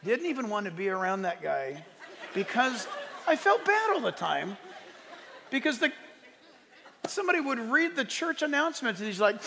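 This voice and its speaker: Preacher guy with a high raspy voice, gets loud and punchy, big echoey church hall. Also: moderate pace, long pauses, a crowd in the background, background noise. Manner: animated preaching, bursts of shouted emphasis. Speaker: pastor. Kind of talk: sermon.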